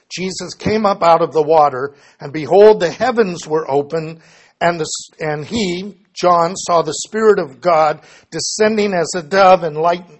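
A man with a slightly raised, husky voice leads a Bible study lesson. He reads scripture passages aloud and then explains them in plain terms, often catching and correcting his own slips. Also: on the high side. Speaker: Bible teacher.

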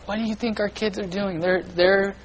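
A man preaching a sermon in a folksy, earnest way, swinging between loud and hushed delivery. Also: high-pitched, steady tone, moderate pace, a little hiss or hum, low-quality recording. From California.

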